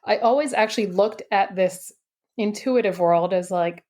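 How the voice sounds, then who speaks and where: Woman guest, mid-pitched, animated storyteller, chatty filler-heavy podcast talk. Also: moderate pace. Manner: animated, chatty, full of "like" and "you know". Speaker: podcast guest, intuitive coach. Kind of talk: personal storytelling in a podcast interview.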